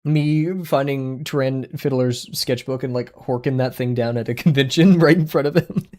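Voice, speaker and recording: Excitable young man chatting on a livestream. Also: moderate pace. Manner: rambling and excitable, jumps in pitch, laughs often. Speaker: art livestreamer. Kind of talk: casual chat with viewers while drawing.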